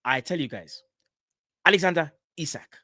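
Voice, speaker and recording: A man's voice: on the high side, moderate pace, sharp tone, no room sound, studio quality. A man imitating a football transfer reporter who announces every deal as a big exclusive, stressing each word. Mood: hyped.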